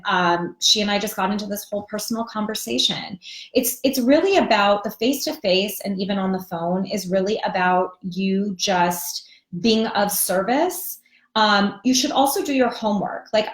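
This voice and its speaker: Chatty woman coach in an echoey room. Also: mid-range voice. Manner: chatty, lots of ums and you-knows. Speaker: divorce recovery coach. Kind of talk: live webinar teaching. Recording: roomy echoey sound.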